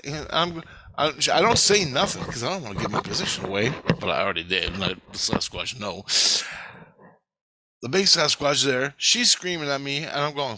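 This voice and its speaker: A man tells a story casually in a vlog, animated and rambling, with frequent swearing. His voice is bright and forceful at a middling pitch. The recording is dry and close, with no room sound. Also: normal speed, no room sound.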